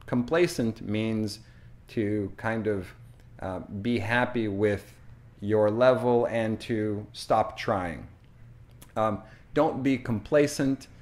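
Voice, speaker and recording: A Canadian man with a Canadian accent, teaching English in a deliberate, chatty way with frequent fillers. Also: fairly low pitch, darkish tone. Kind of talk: slow, clear teaching monologue.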